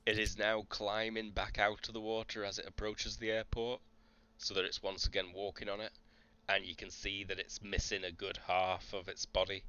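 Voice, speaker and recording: A man running a tabletop role-playing game as game master, narrating the action at an unhurried pace. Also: on the low side, little pitch movement, sharp tone, clear, resonant tone, dull audio.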